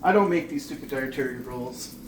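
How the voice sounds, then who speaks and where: A man's voice: medium pitch, brisk. A man casually explaining a recipe as he cooks at home, chatting with a friend beside him. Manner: relaxed, chatty explaining while cooking. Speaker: home cooking channel host. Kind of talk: casual cooking demonstration. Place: home kitchen. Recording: echoey kitchen, distant mic, noisy. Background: pots, pans and dishes clattering.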